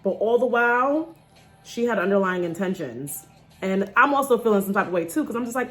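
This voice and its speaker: A woman's voice: fairly quick, soft background music. A woman in her thirties, from New York, talking casually to camera in a vlog, nervous and joking before a dental procedure. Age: 30s. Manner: chatty and joking, lively swings in pitch. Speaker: vlogger.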